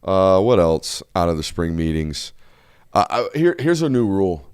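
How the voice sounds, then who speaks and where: A man's voice: low-pitched, sing-song, moderate pace, darkish tone, clear, resonant tone, no room sound, clean studio sound. A man hosting a casual sports talk show, loose and joking, rambling with fillers. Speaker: host.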